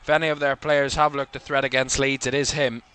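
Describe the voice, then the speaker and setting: A man's voice: medium pitch, little pitch movement, fairly quick, bright, forceful tone, smooth. A man with a Northern Irish accent from Belfast, hosting live watchalong commentary in a rambling way, full of fillers. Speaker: host.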